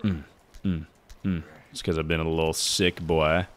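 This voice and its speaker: A young man with a deep, low voice talks through a hard climbing game on a live stream. He chats easily with viewers, curses a lot, and now and then yells out in frustration. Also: little pitch movement, unhurried. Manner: chatty, swears, breaks into loud frustrated outbursts. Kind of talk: casual live gameplay commentary.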